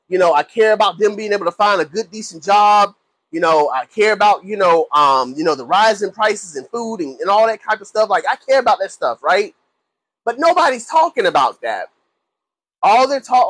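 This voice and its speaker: A man's voice: high-pitched, fairly bright tone, no room sound, rough recording. A man hosting a faith talk show, talking casually and preaching, often repeating himself and acting out angry people. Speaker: host.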